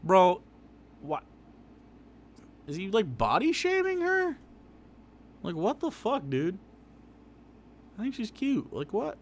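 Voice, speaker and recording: A man's voice: high-pitched, wildly swooping pitch, slow, long pauses, slight background noise. A man live-streaming his reaction to a video, swearing freely, laughing and talking back at the screen.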